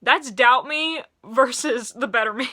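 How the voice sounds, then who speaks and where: A young woman with a Middle Tennessee accent, animatedly reviewing music in a casual video and laughing often. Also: on the high side. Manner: animated, laughing, quick bursts of excitement.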